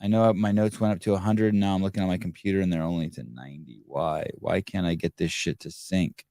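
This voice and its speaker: A man's voice: low voice, fairly even intonation, fast, mellow, dry recording, clean studio sound. A middle-aged man hosting a podcast, rambling in casual talk and swearing freely when he gets frustrated. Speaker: podcast host. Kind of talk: casual live show monologue.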